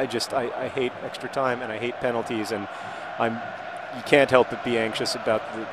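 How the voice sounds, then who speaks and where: A man casually commenting while playing a video game, rambling and restarting sentences, with sudden excited outbursts. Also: on the low side, slight background noise. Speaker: video host.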